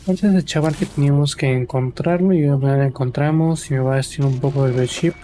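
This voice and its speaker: A man whose native language is Spanish, giving casual gameplay commentary and reading game lines aloud haltingly, with a Spanish-speaking accent. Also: medium pitch, fairly even intonation, mellow, slight background noise. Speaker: gamer streamer.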